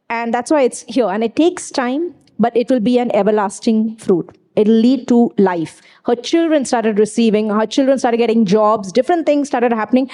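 A woman's voice: a little high, warm tone. Emphatic woman preaching a sermon. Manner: emphatic, repeats key phrases; tells personal stories.

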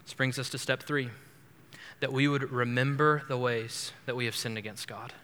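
A man's voice: medium pitch, fairly even intonation, moderate pace, fairly bright tone, smooth, long reverb tail. A man preaching an expository sermon as pastor, earnest and emphatic, often repeating words as he builds a point. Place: church sanctuary.

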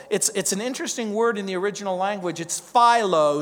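A man's voice: high voice, unhurried, a bit bright, in a large hall. A male pastor preaching a verse-by-verse sermon, emphatic, stacking repeated phrases and rhetorical questions.

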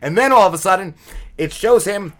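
A man's voice: high-pitched, lively intonation, a little fast, a crowd in the background. A man on a podcast giving a casual, rambling recap of a TV episode, full of fillers, restarts and swearing. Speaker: podcast co-host.

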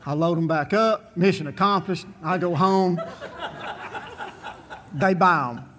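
A man's voice: high voice, unhurried, fairly bright tone, slight background noise. A man, a former bull rider telling a long folksy story to an audience, drawling and chuckling as he goes. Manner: drawling, chuckling, repetitive restarts.

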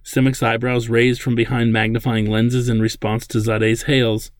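A man reading his own science-fiction novel aloud in a steady, plain narrating voice. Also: mid-range voice, normal speed, no room sound. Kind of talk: audiobook narration.

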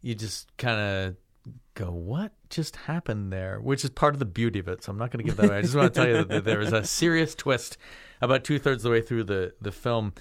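A man's voice: lowish voice, fast, dry recording, studio quality. A man casually chatting about a film he picked, rambling with many fillers and restarts. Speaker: podcast co-host. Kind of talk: casual film review chat.

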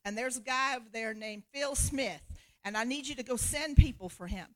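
A woman preaching voices an angel as a brisk male messenger with rapid, offhand everyday talk. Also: very high-pitched, rough recording. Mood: urgent.

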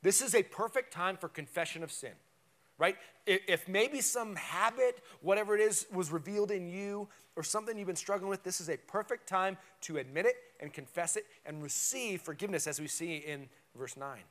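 A man's voice: sits high, moderate pace, a bit bright. A man preaching a conversational, emphatic sermon in a church, often checking in with "right?". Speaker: pastor. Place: church sanctuary.

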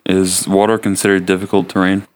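A man with a very low, smooth and resonant voice plays a tabletop game. He checks the rules as he goes and asks plenty of questions before he acts. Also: little pitch movement, fairly quick. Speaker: player.

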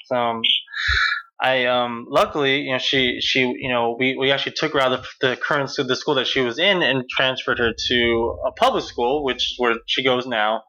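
A man's voice: mid-range voice, steady tone, moderate pace, pushed and bright, muffled recording. A middle-aged man hosting a casual chat about parenting, rambling with many fillers and restarts. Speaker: podcast host.

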